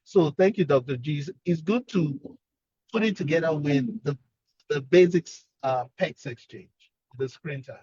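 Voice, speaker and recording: A man's voice: fairly high pitch, a little slow, mellow, slightly rough, dry recording, muffled recording. A man, a speech-language pathologist, explaining earnestly on a webinar and repeating his key points.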